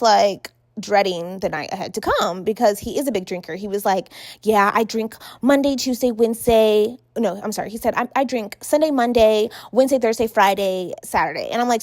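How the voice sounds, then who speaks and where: A young woman telling a chatty storytime to her viewers while she gets ready, switching into quoted lines as she goes. Her voice sits at a middling pitch. The sound is close and dry, with no room around it. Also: a little fast, darkish tone, no room sound. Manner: chatty, addresses viewers as y'all, acts out quotes. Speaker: vlogger.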